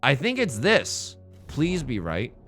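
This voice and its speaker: A man's voice: mid-range voice, huge pitch swings, slow, fairly bright tone, faint music behind. A man streaming a game, joking around and reading the game's text aloud in silly voices. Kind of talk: casual game commentary.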